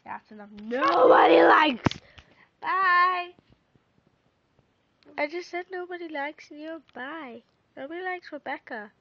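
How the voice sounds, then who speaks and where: A woman's voice: high voice, expressive, moderate pace, fairly bright tone, a little hiss or hum. A girl, chatting casually and teasing, with giggles and shrieky outbursts. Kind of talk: casual chat. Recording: dull lo-fi home video.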